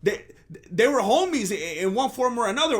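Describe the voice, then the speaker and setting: A man's voice: extremely high pitch, big pitch swings, brisk. A man hosting a comedic commentary rant, sarcastic and mock-outraged. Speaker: commentary channel host.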